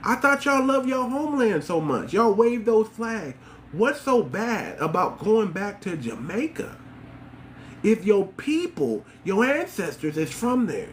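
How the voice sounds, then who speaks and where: A man's voice: high voice, very animated, measured pace, a little hiss or hum. A man hosting a livestream, talking straight to his viewers in a mocking, rhetorical and preachy way. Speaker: livestream host.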